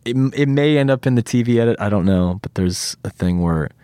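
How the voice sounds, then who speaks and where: An actor chatting as an interview guest, rambling and animated, often acting out quotes. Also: male voice, mid-range voice, brisk, clean tone, no echo, clean studio sound. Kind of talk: casual interview chat.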